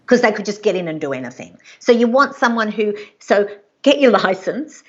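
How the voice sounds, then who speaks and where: A woman's voice: fairly high pitch, a little fast. Chatty woman on a dull line. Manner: chatty, animated, acts out quoted people. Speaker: executive producer, guest. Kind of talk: casual live interview.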